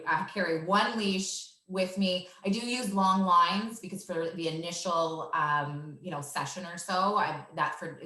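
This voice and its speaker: A woman's voice: on the low side, sharp tone, roomy sound. A woman working as a dog walker and trainer, explaining her methods in an assured, matter-of-fact way and laughing easily. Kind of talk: casual interview answers.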